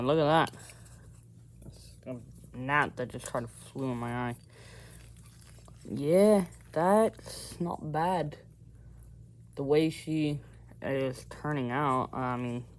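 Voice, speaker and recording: A man chatting casually through an outdoor how-to vlog, rambling and often correcting himself, recorded on a camera mic by a fire. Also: medium pitch. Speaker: vlogger.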